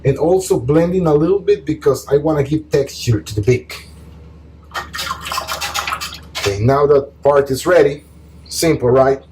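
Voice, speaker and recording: A man calmly explaining a painting tutorial step by step as he works, pausing often with short fillers. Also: fairly high pitch, noisy background. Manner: calm, relaxed explaining while painting, with pauses and fillers. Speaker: art teacher.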